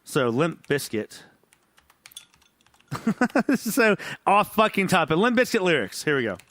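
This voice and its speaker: A man's voice: high-pitched, very animated, takes it slowly, fairly bright tone. A man co-hosting a podcast in casual chat, tipsy, rambling, profane and laughing often. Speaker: podcast co-host.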